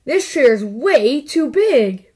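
A woman's voice: sits high, big pitch swings, takes it slowly, a little mellow, husky, full character voice. A woman voicing a curious, fussy little girl who exclaims as she tries things out.

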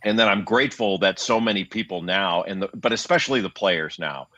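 A man in his fifties with a lowish voice lays out his views in a steady, reasoned way, often restarting his sentences as he thinks. The sound is dull and lo-fi, with a dry, close feel and no room around it. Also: dry recording. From United States. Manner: measured, reasoned, frequent restarts. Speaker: guest, basketball analyst. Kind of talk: interview conversation.

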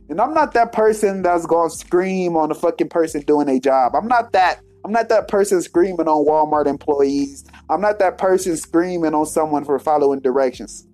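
A man hosting a podcast, telling a comic story in a profane, animated rant. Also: on the high side, moderate pace, faint music behind. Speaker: podcast host.

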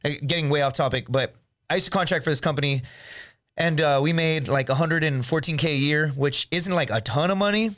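A man's voice: a little high, brisk. Rambling profane storytelling man. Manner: rambling, profane, says dude and bro a lot; animated, acts out voices in stories. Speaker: podcast guest. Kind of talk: casual storytelling chat.

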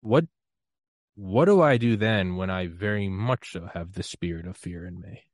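Man, deep voice, from the United States, podcast host, casual rambling talk, frequent laughter, dry room. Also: normal speed, no room sound. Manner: rambling, loose and self-deprecating, laughs often. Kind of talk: casual conversational interview.

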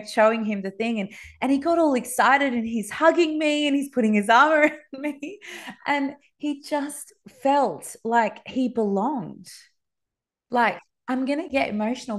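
A woman, a Montessori educator, telling a story in a casual interview, rambling with lots of asides. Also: mid-range voice. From Australia. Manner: rambling, many fillers and asides.

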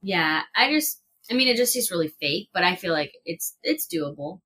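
A woman's voice: on the low side, big pitch swings, normal speed, pushed and bright, breathy edge. A woman co-hosting a podcast, chatting casually and swearing as she taste-tests food and reads out prices. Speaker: podcast co-host. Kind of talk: casual chat while taste-testing food. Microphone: podcast mic in a shared room.

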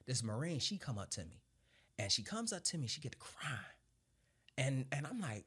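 Young guy telling his story, mid pitch, lots of cussing and laughing, goes quiet and low when it gets deep. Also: normal speed, husky. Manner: animated, swears freely, laughs through his stories; drops low and quiet at reflective moments. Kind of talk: casual storytelling.

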